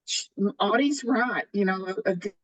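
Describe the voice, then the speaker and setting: A woman in her sixties sharing her own experience in a faith group, halting and restarting as she speaks. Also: medium pitch, a bit bright, low-quality recording. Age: 60s. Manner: halting, with many restarts and fillers.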